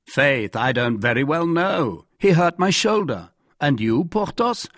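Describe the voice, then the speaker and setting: A man voicing a proud, gracious nobleman musketeer in an audiobook, speaking in a measured, ironic way. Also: a little high, sing-song, fairly bright tone, no echo, studio quality, voice pushed up, full character voice.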